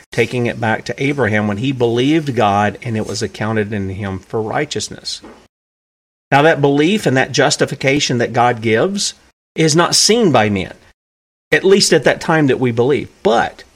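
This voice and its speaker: A man preaching a sermon who asks his listeners rhetorical questions and acts out the characters in the stories he tells. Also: mid-range voice.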